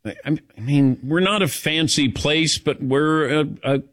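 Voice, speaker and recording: A man's voice: fairly high pitch, unhurried. A man hosting a talk radio show, telling a rambling story casually with lots of fillers. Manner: rambling, animated, many fillers.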